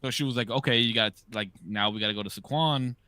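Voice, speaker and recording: A podcast host chatting casually, cursing freely as he spins a story. His voice is bright and forceful. The sound is dry and close, with no room echo. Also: medium pitch, quick pace. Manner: loose, profane storytelling. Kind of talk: casual chat.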